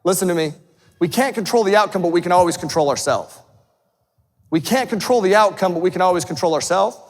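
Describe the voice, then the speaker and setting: A man's voice: high-pitched, expressive, fast talker, long reverb tail. A man giving a fired-up motivational speech to a live audience, intense, swearing and calling people "man" again and again. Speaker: motivational speaker.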